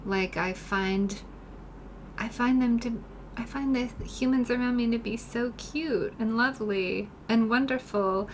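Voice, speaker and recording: A woman artist chatting softly to her live-stream viewers while she paints in her studio, turning gushing and grateful when they praise her work. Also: a little high, unhurried, slight background noise. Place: home art studio.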